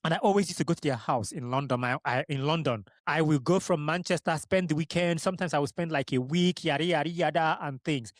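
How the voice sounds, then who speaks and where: Speaking quickly with few pauses in a slightly high voice, this podcast host, a young Igbo man from Nigeria, addresses listeners directly. His solo monologue is emphatic, blunt and full of swearing, recorded dry in clean studio sound.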